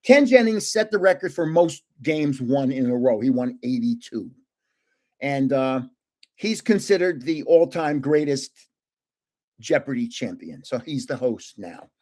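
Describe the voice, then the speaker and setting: With lively intonation, a medium pitch, and a slightly mellow sound, the older livestream host talks at a measured pace. He spins rambling anecdotes about his trading card world, chuckling often and revising himself as he goes.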